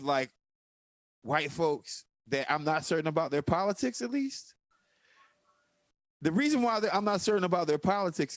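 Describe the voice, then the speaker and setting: A man, talking politics as a podcast co-host. His voice sits a little high and swings widely in pitch as he tells animated, profane stories. The recording is dry and close. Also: dry recording. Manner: animated storytelling, profane, emphatic. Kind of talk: casual political chat.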